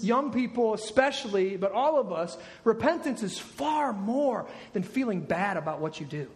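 A male pastor preaching a sermon, emphatic and repeating his key words for weight. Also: very high voice.

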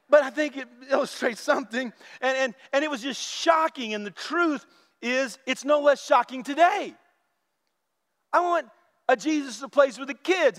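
A man preaching a sermon in a lively way, acting out the voices of puzzled listeners and disciples. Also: extremely high pitch. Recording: long reverb of a large hall.

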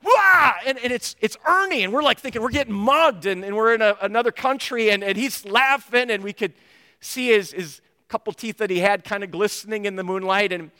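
Bright-voiced pastor in a reverberant hall. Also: male voice, high voice, fairly quick. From United States. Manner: animated storyteller who acts out the dialogue he retells. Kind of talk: storytelling sermon.

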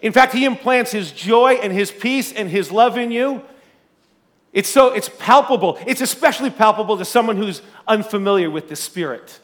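High-voiced male pastor preaching. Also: normal speed. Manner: storytelling, animated and conversational; loud speaking voice. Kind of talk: sermon.

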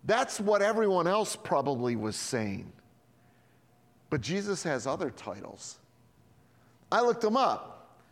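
Animated high-voiced preacher. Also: male voice, slow pace, pauses often, big-room sound. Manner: animated, acts out dialogue. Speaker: pastor. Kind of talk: sermon.

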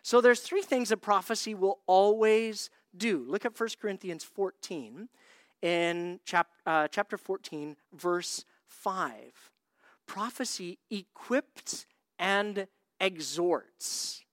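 A man's voice: high voice, slow pace, no echo. Storytelling male preacher, dry sound. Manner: storytelling, acts out quoted voices. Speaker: pastor. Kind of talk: sermon.

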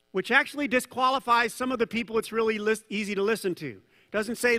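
A male pastor giving a sermon, conversational and animated, with jokes and asides to the congregation. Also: high voice, brisk, big-room sound. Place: church hall.

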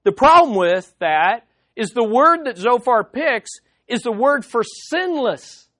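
Animated male preacher teaching scripture. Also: very high voice, slow, no room sound. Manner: animated, with vivid sound effects; conversational, with frequent fillers. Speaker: pastor. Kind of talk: expository sermon.

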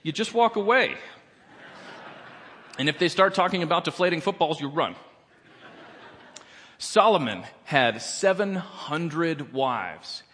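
A man's voice: a little high, very animated, slow, long pauses, a bit bright, breathy edge, big-room sound. A man performing a stand-up comedy set in a church, with a wry, playful delivery. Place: church auditorium.

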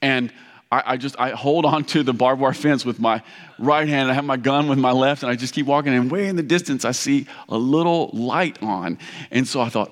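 A man from Kentucky preaching a sermon, telling a story in an animated, rambling, self-mocking way with many restarts. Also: medium pitch, moderate pace. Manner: loud. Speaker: pastor. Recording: reverberant hall.

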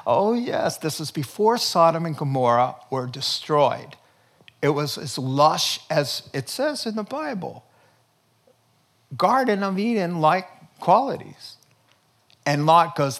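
A slightly high-voiced man preaches with lively energy. He shifts quickly between earnest points and joking asides, and his delivery stays animated throughout. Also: creaky. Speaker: pastor. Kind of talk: sermon.

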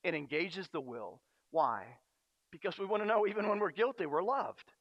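Man preaching, earnest storytelling sermon, slightly high voice, dry muffled recording. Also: expressive, normal speed, dry recording. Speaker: pastor. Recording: dry, dull lo-fi sound.

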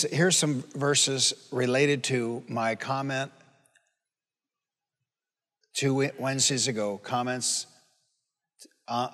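A pastor in his sixties preaches in a folksy, conversational way, stopping to toss questions out to his congregation. His voice sits at an ordinary pitch for a man. It rings with the long reverb of a large hall. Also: a bit bright. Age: 60s. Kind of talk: sermon. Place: church sanctuary.

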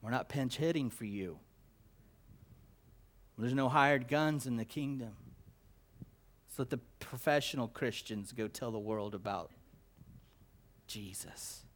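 A man preaching a sermon, swinging between loud emphatic declarations and low quiet asides, with repetition and stammered restarts. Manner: slow, deliberate delivery with repetition and stammered restarts.

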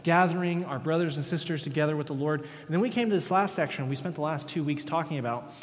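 A man preaching as a pastor, reading scripture and praying in an earnest, measured way with deliberate pauses. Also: on the high side. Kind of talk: sermon with scripture reading and prayer. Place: church sanctuary. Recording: long hall reverb in a church.

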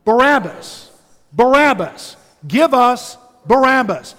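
A man shouting as an angry crowd, chanting demands in a sermon. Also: extremely high pitch, big pitch swings, slow, big-room sound, pitched above the performer's own voice, full character voice.

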